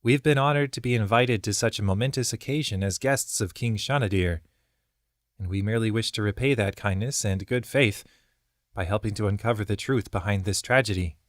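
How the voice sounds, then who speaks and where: A man's voice: lowish voice, brisk, dry recording, clean studio sound, natural voice. A man voicing a courteous male gnome who speaks formally and earnestly in an audiobook. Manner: formal, respectful.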